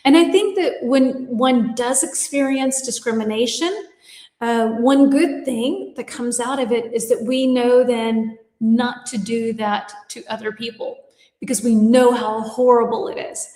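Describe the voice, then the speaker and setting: A woman's voice: a little high, fairly even intonation, measured pace, warm tone. An American woman hosting a live English lesson, chatting and reading out viewer comments. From United States. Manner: chatty, reads comments aloud and reacts. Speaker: English teacher. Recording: echoey room with long reverb.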